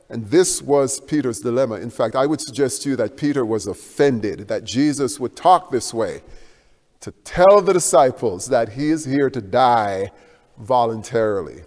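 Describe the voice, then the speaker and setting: A male pastor preaching a sermon, swinging between emphatic raised passages and hushed low stretches, posing rhetorical questions to his congregation. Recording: long hall reverb.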